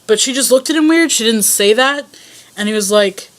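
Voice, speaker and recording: A young vlogger answers a voice tag casually, rambling through stories in a self-conscious way. Her voice sits a little high and sounds expressive and brisk.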